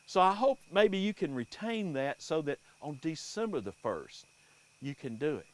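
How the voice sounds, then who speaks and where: A man telling folk tales and superstitions to a live audience in an unhurried, animated way. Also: on the high side. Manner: unhurried, animated, folksy delivery. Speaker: storyteller.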